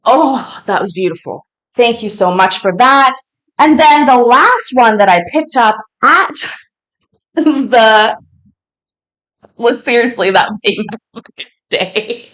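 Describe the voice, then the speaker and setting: A woman vlogging from home as she unboxes fan mail, gushing and quick to laugh. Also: on the high side, expressive, fairly bright tone. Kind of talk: casual unboxing chat.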